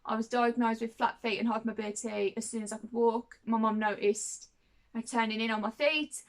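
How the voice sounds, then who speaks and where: A woman's voice: fairly high pitch, fairly even intonation, a little fast. A woman in her twenties talking casually to camera as a vlogger, chatty and rambling, repeating herself and often checking in with "you know what I mean". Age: 20s.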